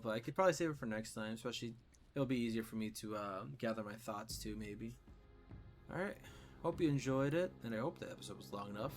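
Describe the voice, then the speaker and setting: A man's voice: medium pitch, fairly bright tone. A man hosting a let's play, chatting casually and correcting himself often as he plays. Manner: rambling, self-correcting. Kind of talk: casual game commentary.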